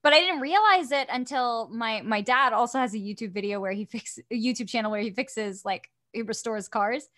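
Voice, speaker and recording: A woman chatting casually as a podcast guest, telling animated stories and laughing often. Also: fairly high pitch, a little fast, few pauses. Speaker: guest voice actor.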